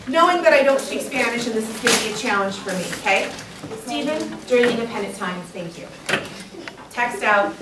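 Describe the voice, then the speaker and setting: A woman teacher leading a classroom lesson, encouraging her students and calling on them by name. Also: a little high. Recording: echoey classroom, distant mic, background noise.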